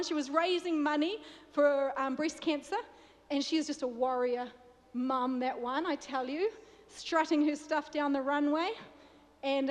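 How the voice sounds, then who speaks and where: A woman with a New Zealand accent preaching a sermon, chatty and joking with the congregation. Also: sits high. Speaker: guest preacher. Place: church. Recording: long reverb of a church hall.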